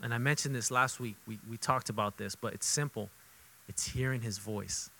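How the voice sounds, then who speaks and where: A man preaching a sermon as pastor, conversational and repetitive for emphasis, moving between loud emphatic bursts and quiet intimate asides. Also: mid-range voice, normal speed, gravelly, low-quality recording. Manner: conversational, repeats himself for emphasis.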